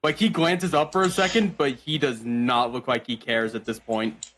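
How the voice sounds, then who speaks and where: A man's voice: medium pitch, steady tone, normal speed, a bit bright, slight background noise, low-quality recording. Man player narrating his move. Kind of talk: casual tabletop play.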